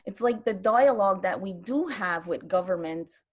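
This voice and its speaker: Speaking with lively intonation at a moderate pace and a medium pitch, a grandmother from Kahnawake, Quebec addresses an online round-table video call. The older woman is earnest, restarting many times and letting her feelings surface now and then.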